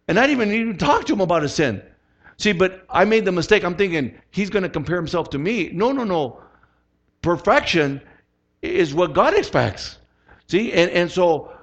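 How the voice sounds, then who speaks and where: A man preaching a sermon as pastor, telling a personal story with lively acted-out quotes. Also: sits high, dull audio.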